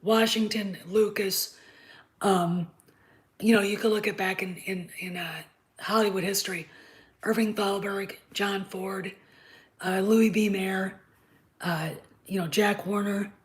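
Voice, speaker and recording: A woman's voice: mid-range voice, steady tone, measured pace, long pauses, low-quality recording. Insistent woman lecturing her stream chat. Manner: insistent and lecturing, often checks with "okay?"; emphatic, repeats points. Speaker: live stream host. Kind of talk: unscripted live stream rant to chat.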